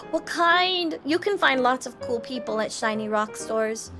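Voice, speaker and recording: Woman, livestream host, high voice, giggly, casual chat, faint background music. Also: lively intonation, measured pace, hardly any pauses. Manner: refers to herself in third person; giggly, bubbly storytelling.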